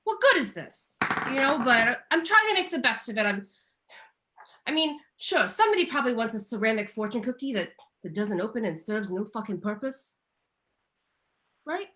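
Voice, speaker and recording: A woman's voice: fairly high pitch, expressive, moderate pace, bright, forceful tone. A woman playing a struggling tchotchke seller in a comedy bit, rambling and tearful. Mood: self-pitying.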